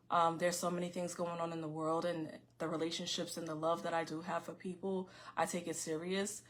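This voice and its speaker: A middle-aged woman from Queens, hosting a casual livestream podcast and talking fast and loud to her viewers with frequent restarts. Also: on the low side, flat delivery. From Far Rockaway, Queens, New York. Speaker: podcast host.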